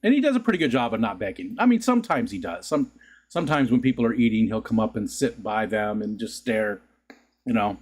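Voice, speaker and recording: A man with a lowish, animated voice and a breathy edge hosts a casual home livestream, talking fairly quickly. He rambles loosely to his viewers and laughs a lot.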